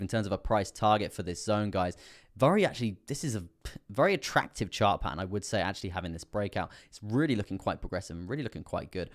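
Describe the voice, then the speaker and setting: A young British man with a lowish voice hosts a live crypto stream. He talks through charts in a loose, rambling flow, leaning on fillers and repeated phrases, and his voice sounds a little strained from talking loudly. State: slightly strained voice. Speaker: crypto livestream host. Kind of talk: live trading chart analysis.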